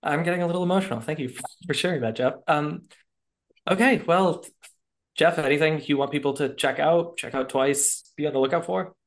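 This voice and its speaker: A man's voice: a little high, a little fast. A man hosting a podcast, asking loose, jokey questions in casual interview chat. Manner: jokey, loose, with fillers and laughs. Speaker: podcast host.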